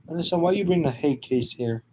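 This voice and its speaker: A man's voice: fairly high pitch, animated, brisk, warm tone, slight background noise, pitched above the performer's own voice, lightly acted, low-quality recording. A man voicing a rude, wisecracking male cab driver who talks in mocking, slangy jabs. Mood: dismissive.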